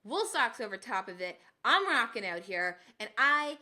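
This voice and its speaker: A woman hosting a casual health live stream, animated and talking to her viewers while she exclaims and curses at the cold. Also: a little high, normal speed. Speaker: health show host.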